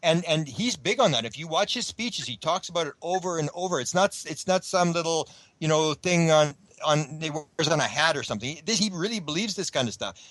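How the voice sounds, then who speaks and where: A man's voice: a little high, lively intonation, a little fast, a bit bright, dry recording, poor audio. A man being interviewed on a radio show, talking at length in a rambling way with many restarts. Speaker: guest researcher.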